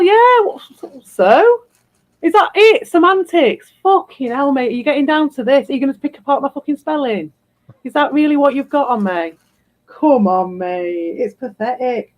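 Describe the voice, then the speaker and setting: A woman's voice: sits high, poor audio. A woman streaming live, ranting bluntly and combatively and swearing freely. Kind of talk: livestream rant.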